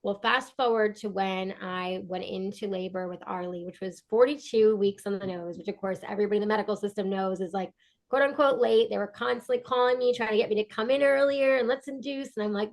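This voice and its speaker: A woman at an ordinary middle pitch shares a heartfelt personal story as a podcast guest. She talks in an earnest, animated way and restarts her sentences often. Her voice softens when she turns reflective. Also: fairly quick, gravelly. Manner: earnest, animated, acts out quoted dialogue. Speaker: podcast guest, breathwork coach.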